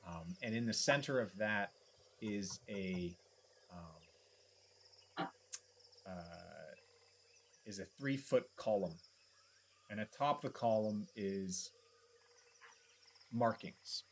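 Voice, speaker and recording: A man narrating as dungeon master, describing scenes in a halting way with many pauses and restarts. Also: on the low side, slight background noise. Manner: halting, full of ums and restarts. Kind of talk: describing scenes in a tabletop game.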